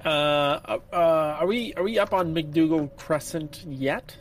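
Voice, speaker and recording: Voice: mid-range voice, slight background noise. A player in a tabletop game, speaking cautiously with stops and restarts. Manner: cautious, halting. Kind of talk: casual tabletop game chat.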